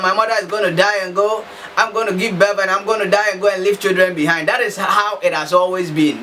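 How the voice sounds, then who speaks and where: Captured on a slightly distant mic over faint background noise, an African man speaks in a high, bright, forceful voice, delivering an impassioned, emphatic monologue heavy with repetition and rhetorical questions.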